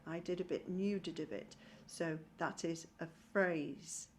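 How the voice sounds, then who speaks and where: Slow, patient woman music teacher. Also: fairly low pitch, slight background noise. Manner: claps and chants rhythm syllables. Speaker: primary school music teacher. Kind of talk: online music lesson. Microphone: screen-shared video call.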